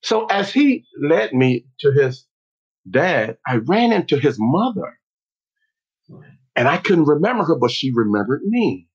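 Slow, husky-voiced man telling a story. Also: fairly high pitch, sing-song. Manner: slow, deliberate, dramatic storytelling. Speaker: motivational speaker. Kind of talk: personal storytelling. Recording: dull lo-fi recording.

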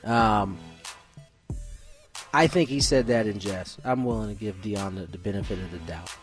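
A man co-hosting sports radio who speaks in a measured way and asks probing questions. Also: lowish voice, faint music behind.

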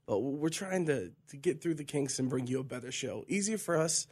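A man's voice: mid-range voice, expressive, fairly quick, darkish tone, husky. A man co-hosting a sports talk radio show in a studio, joking and rambling with lots of fillers.

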